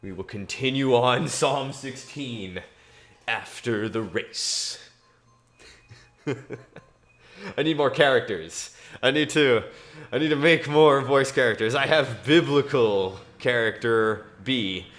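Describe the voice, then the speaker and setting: A man's voice: mid-range voice, slow, fairly bright tone. A man streaming alone, reading scripture aloud and chatting casually, rambling to himself and chuckling often.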